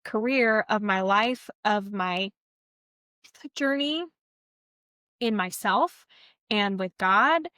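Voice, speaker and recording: A woman's voice: mid-range voice, slow, long pauses, sharp tone, clean tone, dry recording. Candid woman with a dry close sound. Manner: candid, earnest storytelling; reflective, encouraging. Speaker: podcast co-host; veterinary technician. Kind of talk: casual podcast chat.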